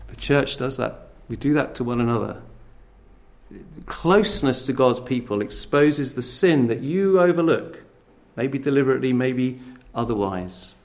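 A man's voice: medium pitch, animated, normal speed, darkish tone. A man preaching a sermon in a conversational way, often restarting his sentences.

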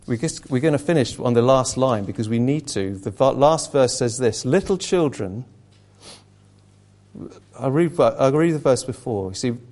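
A man's voice: medium pitch, animated, normal speed, darkish tone. A man preaching a sermon, earnest and emphatic, reading questions aloud to his congregation.

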